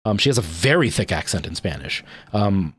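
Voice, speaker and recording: Man, Canadian accent, thirties, rambling livestream chat, low-ish voice, talks to his chat. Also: animated, a little fast, slightly rough. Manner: rambling, chatty, many ums and restarts, talks to chat. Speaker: streamer.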